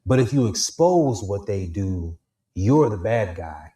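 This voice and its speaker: A man's voice: lowish voice, sing-song, slow, warm tone. A man giving emphatic, mocking commentary on a clip. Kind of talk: casual commentary. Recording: roomy echo, distant mic.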